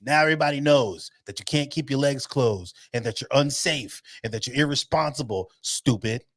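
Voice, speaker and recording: A man's voice: mid-range voice, normal speed. A man in his thirties co-hosting a podcast, telling stories in a blunt, profane, casual way. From United States. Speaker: podcast co-host. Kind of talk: casual chat.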